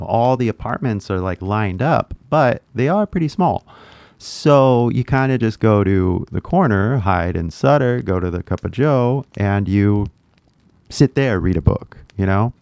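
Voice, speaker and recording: Young American guy, YouTuber English teacher, low and gravelly, chatty livestream ramble, dry booth sound. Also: a little mellow, dry recording. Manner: rambling, loose, many restarts and fillers. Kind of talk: casual livestream chat.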